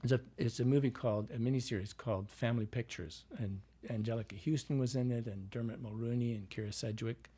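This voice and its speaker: Man, Midwestern accent, from Iowa, dialect coach, husky voice, lively anecdotes with quoted voices. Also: medium pitch, fast, hardly any pauses. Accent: Midwestern American. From Iowa, USA. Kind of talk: storytelling interview.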